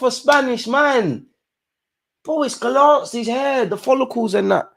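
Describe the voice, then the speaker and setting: A man hosting a live football watchalong, reacting loudly to the screen with heavy slang and swearing. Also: very high voice, very animated, slow pace, vocal fry. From England. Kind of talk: live match watchalong commentary.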